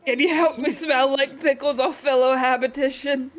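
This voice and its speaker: A woman's voice: sits high, fairly even intonation, normal speed, natural voice. A woman voicing a gloomy, melodramatic man who talks in grand, old-fashioned wording in a video game. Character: gloomy dramatic man in shambles.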